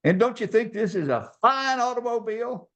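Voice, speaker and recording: A man's voice: very high voice, expressive, normal speed, a bit bright, highs cut off, pitched above the performer's own voice, exaggerated voice. A man voicing a pushy, boisterous middle-aged male car salesman who drawls slang.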